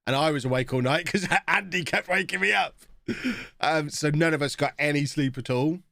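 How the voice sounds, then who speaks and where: A man's voice: on the high side, moderate pace, vocal fry, bright, forceful tone, no room sound, clean studio sound. A man in his thirties, chatting casually with viewers while reacting to a live game stream.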